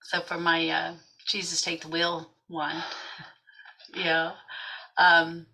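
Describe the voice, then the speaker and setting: Slow-talking woman host. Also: fairly low pitch, completely flat delivery, gravelly, pushed and bright, rough recording. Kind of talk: casual chat.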